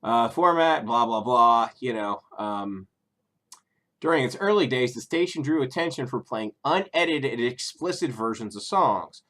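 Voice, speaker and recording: A middle-aged YouTuber from the Cincinnati area, USA, reviews streaming services on his vlog in a rambling, profane, casual way, full of ums and self-corrections. His mid-range voice is animated and fairly bright, and he speaks a little slowly.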